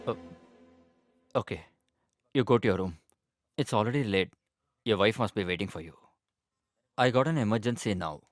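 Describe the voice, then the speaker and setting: An actor in a dubbed film playing a calm doctor who reassures his friend. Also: on the low side, normal speed, long pauses, dry recording, clean studio sound, close to an everyday voice.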